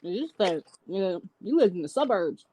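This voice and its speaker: A woman co-hosting a casual podcast, lively and blunt, laughing as she tells stories. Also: mid-range voice, moderate pace, slight background noise. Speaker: podcast co-host.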